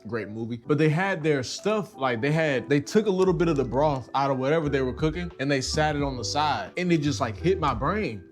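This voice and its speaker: A man tasting and reviewing noodles on his food vlog, talking casually and getting excited, loud one moment and mumbling the next. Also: fairly high pitch, brisk, few pauses, soft background music. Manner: animated, excitable, swings between loud and mumbled; casual slang-heavy talk. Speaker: food vlogger. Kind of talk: casual chat to camera.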